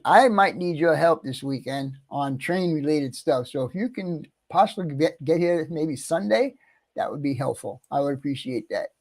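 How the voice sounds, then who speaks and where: A middle-aged American man hosting a casual livestream, chatty and easygoing, greeting viewers one by one and clearing his throat often. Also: a little high. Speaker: livestream host.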